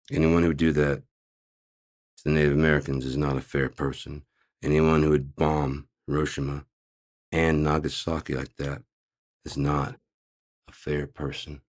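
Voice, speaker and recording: A man ranting in a casual monologue, sarcastic, profane and rambling. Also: a bass voice. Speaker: host.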